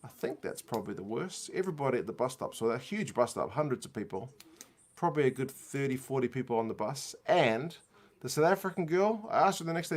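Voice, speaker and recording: A man's voice: mid-range voice, expressive, quick pace. Man telling a rambling, self-mocking story. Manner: rambling, self-mocking anecdote with frequent laughs. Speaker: rugby channel host. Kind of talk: casual storytelling during a watch-along.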